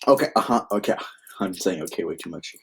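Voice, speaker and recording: A man's voice: low-pitched, lively intonation, quick pace, vocal fry, breathy edge. A young man casually improvising a fan story, rambling and often interrupting himself. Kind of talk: improvised fan-fiction narration.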